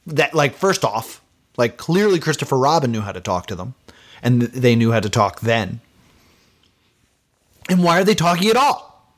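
A man's voice: medium pitch, very animated, normal speed, pauses often. A man hosting a podcast, giving a casual film review in an exasperated, rambling rant full of fillers. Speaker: podcast host.

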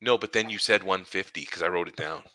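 A man's voice: deep voice, fast, sharp tone, a little hiss or hum. A man in his forties co-hosting a podcast, telling rambling stories in casual chat and laughing often. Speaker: podcast co-host.

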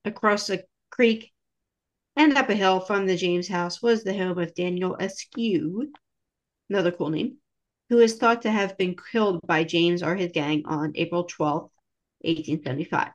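A woman's voice: on the low side, moderate pace, highs cut off. A woman co-hosting a casual history podcast, reading from notes with wry asides. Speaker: podcast co-host.

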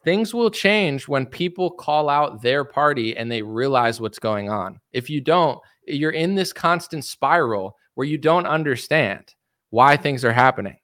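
A man's voice: medium pitch, lively intonation, unhurried, a bit bright, no room sound, clean studio sound. Boastful, blunt young man ranting. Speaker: online commentary host. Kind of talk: casual livestream commentary.

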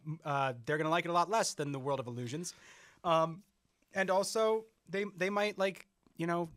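Deadpan laid-back young man. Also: on the high side, moderate pace, dry recording, studio quality. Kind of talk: casual comedic chat.

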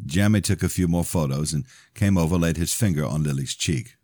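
Man, very deep voice, reading his own novel, steady narration, dry close sound. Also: a little fast, hardly any pauses, dry recording. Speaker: podcast host and author.

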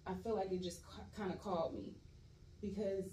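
Young actress guest, mellow and candid, roomy off-mic sound. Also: female voice, medium pitch, fairly even intonation, fairly quick. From California. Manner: laid-back, candid, laughs often. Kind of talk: casual interview chat. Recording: roomy echo, voice a bit far from mic, faint noise.

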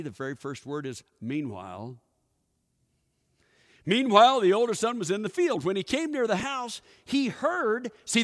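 A pastor giving a sermon, telling a story and putting questions to the congregation. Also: male voice, sits high, fairly bright tone. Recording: echoey hall with long reverb.

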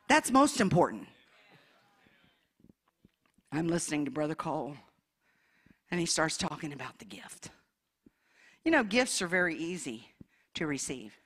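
A woman preaching in a church, telling her testimony with emotion, moving between hushed passages and loud ones. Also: fairly high pitch. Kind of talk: testimony sermon.

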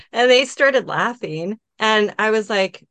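Woman, podcast co-host, casual chat, giggly, animated, mid-pitched, dry close mic. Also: slow pace, no echo.

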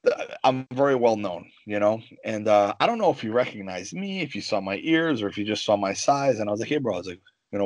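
Animated man telling casual stories. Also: on the low side, fast talker, dry recording. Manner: animated, repeats and restarts, says "bro" and "you know". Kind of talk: casual storytelling chat.

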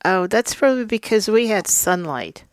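A woman's voice: mid-range voice, moderate pace. A woman co-hosting a cooking show, chatting casually and laughing easily. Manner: giggly, animated storytelling. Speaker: co-host. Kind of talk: casual chat.

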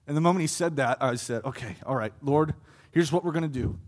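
A young adult man giving a sermon testimony, earnest and building to impassioned pleas with swings in loudness. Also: mid-range voice, fast talker, few pauses. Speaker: preacher.

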